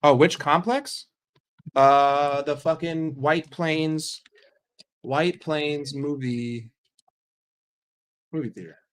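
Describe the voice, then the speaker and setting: A man hosting a casual livestream, reading viewer comments aloud and answering them in a blunt, profane, animated way. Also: on the high side, very slow, long pauses. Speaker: livestream host.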